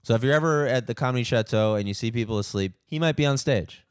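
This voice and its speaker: A male comedian hosting his own podcast, delivering a heated, profane rant that keeps tripping over stammered restarts. His voice sits at an ordinary middle pitch. The sound is dry and close, with no room echo. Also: fast, clear, resonant tone. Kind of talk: ranting comic monologue.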